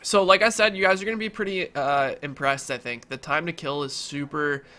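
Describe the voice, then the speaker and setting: A young man talks casually over his own gameplay, his voice nasal and stuffed up from allergies. His tone is bright and forward, and he chats easily, padding his sentences with ums and you-knows as he reassures his viewers. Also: fairly high pitch, brisk. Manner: chatty, filler-heavy, reassuring the viewers. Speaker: gaming YouTuber.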